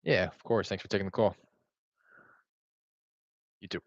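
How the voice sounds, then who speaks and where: A man's voice: low-pitched, steady tone, normal speed, no echo. A man making casual real estate cold calls from home while making lunch, talking in a laid-back, conversational way with lots of fillers. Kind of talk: casual livestream chat and phone calls. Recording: slightly dull, dry recording.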